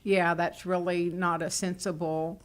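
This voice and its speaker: A woman's voice: lowish voice, little pitch movement, measured pace. A woman, a city hall administrative specialist, telling a work story patiently and with animation on a radio talk show. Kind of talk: casual interview.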